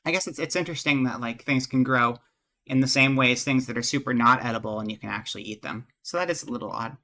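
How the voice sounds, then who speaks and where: A man live-streaming at a desk mic rambles and jokes as he thinks aloud, talking fast in casual chat. His voice is bright and forward at an ordinary middle pitch, and he keeps breaking off to welcome viewers in chat by name.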